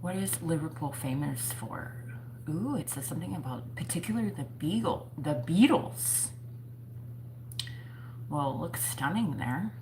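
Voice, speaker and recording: Woman, low voice, casual livestream chat, playful, self-mocking, faint hum behind. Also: lively intonation, a little slow. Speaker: livestream host chatting with viewers. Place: home.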